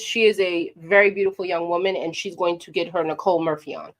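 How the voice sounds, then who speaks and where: Sassy New woman giving her opinion. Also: on the low side. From New York. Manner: animated, sassy, direct address to viewers. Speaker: commentary vlogger. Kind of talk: opinionated commentary to camera.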